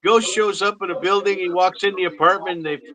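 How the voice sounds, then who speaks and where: A man cracking jokes and telling a quick story in a casual chat. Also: high voice, crowd noise, rough recording. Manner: jokey, animated storyteller.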